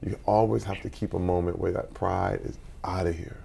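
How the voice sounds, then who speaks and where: Man guest in his 40s, raspy gravelly voice, lively storyteller who acts out the dialogue. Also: a little fast. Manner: animated storyteller, acts out quotes with big pitch jumps. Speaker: interview guest. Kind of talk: conversational storytelling.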